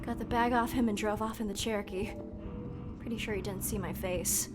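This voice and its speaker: A young woman streaming a game live, reading the characters' lines aloud and reacting with loud panicked outbursts. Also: mid-range voice, a little fast, loud music behind the voice. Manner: switches between calm read-outs and loud panicked outbursts.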